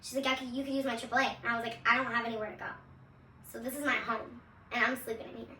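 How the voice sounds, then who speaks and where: A young woman from Seattle recounts her life story in a candid, loose way, swearing freely and laughing often. Her voice is high and bright. It rings in an echoey room, a little back from the microphone. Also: little pitch movement, quick pace, distant mic, a little hiss or hum. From Seattle, USA. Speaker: vlogger. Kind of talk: personal testimony storytelling. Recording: echoey room, voice away from the mic.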